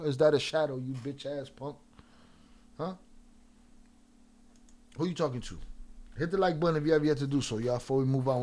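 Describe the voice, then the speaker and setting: A man with a slightly high voice hosts a livestream. He argues with the chat in a profane, confrontational way and calls out viewers by name. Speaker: livestream reaction host.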